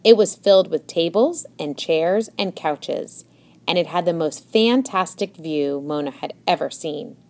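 A woman narrating a children's storybook in a gentle storytelling manner. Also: fairly low pitch, a little slow. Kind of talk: scripted narration.

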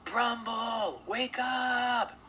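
A man's voice: extremely high pitch, very slow, bright, forceful tone, a little hiss or hum, pitched above the performer's own voice, heavily acted. A man voicing Mona, a small, timid but brave girl mouse in a storybook, pleading and stammering. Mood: urgent calling.

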